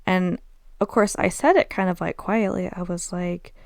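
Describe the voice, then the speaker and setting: A woman's voice: on the low side, steady tone, moderate pace, vocal fry, darkish tone, dry recording. A woman with a Southern American accent talking candidly and self-deprecatingly on her own podcast, slipping in Arabic phrases. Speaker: podcast host. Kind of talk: casual solo podcast storytelling.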